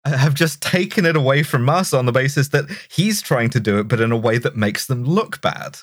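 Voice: mid-range voice, expressive, brisk, no echo. A podcast co-host making dry, wry jokes in casual chat.

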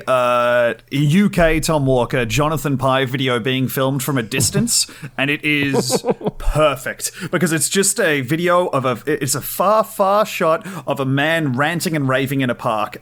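A man's voice: medium pitch, fairly bright tone. A man with an Australian accent, a comedian guest in casual podcast banter, wry and self-mocking, swearing freely.

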